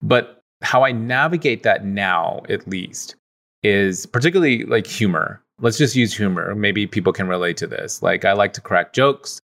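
A man's voice: on the low side, expressive, moderate pace, gravelly, a bit bright. A man speaking as a podcast guest in casual conversation, reflective and easygoing, with many "like" fillers.

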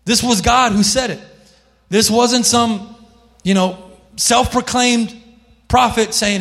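A man's voice: very high-pitched, steady tone, takes it slowly, long pauses, a bit bright. A male pastor preaching a sermon with passion, calling on people in the congregation by name. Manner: impassioned, calls on listeners by name. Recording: long hall reverb.

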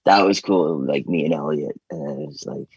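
A man's voice: very deep voice, normal speed, husky, no room sound, dull audio. A man from New York with an American accent, chatting loosely as a guest vocalist, rambling and swearing freely. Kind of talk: casual interview chat.

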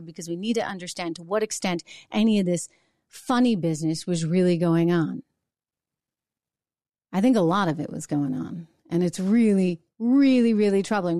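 A woman's voice: medium pitch, darkish tone, dry recording. Woman, middle-aged, show host, opinion monologue, sarcastic, indignant, rhetorical questions, dry close sound.

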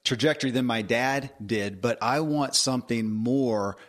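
Podcast host asking measured questions. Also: male voice, mid-range voice, a bit bright. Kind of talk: interviewing a guest.

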